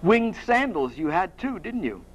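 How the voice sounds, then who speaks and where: A man reading aloud, voicing a sharp, mocking woman who questions a hero with scorn. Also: sits high, big pitch swings, measured pace, heavily acted, low-quality recording. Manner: scornful, cutting.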